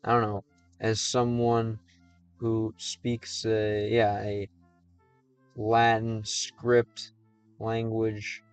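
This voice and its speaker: A man's voice: on the low side, completely flat delivery, very slow, long pauses, clear, resonant tone, dry recording, faint music behind. Easygoing American man chatting on stream. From United States. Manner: chatty and easygoing, reads viewer questions aloud. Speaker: livestreamer. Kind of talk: casual livestream chat with viewers.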